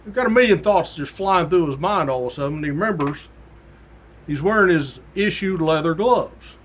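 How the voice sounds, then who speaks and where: A middle-aged man hosting a show, telling a work story in a casual, folksy way and acting out the people in it. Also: moderate pace. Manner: folksy, acts out quoted voices with rising pitch. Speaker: podcast host, retired state trooper.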